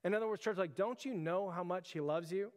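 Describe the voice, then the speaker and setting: A man in his thirties gives an earnest, conversational sermon to his congregation. His voice sits fairly high for a man and trails off into a long hall reverb. He talks in an informal way, often calling out to the listeners as "church". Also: fairly quick. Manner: earnest, repeatedly addresses listeners as "church", filler "like". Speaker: pastor.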